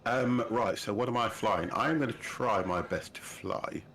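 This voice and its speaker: A man's voice: fairly low pitch, moderate pace, fairly bright tone, a little hiss or hum. A man in his fifties hosting a livestream, chatting casually and laughing often as he sets up a flight game. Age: 50s. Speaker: livestream host. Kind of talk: casual chat while gaming.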